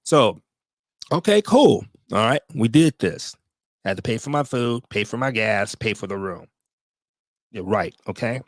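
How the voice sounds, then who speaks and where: A man's voice: lowish voice, normal speed, no echo. Blunt, cursing veteran man telling a story. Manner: blunt and profane, with emotional asides. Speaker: veteran vlogger. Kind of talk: casual storytelling to viewers.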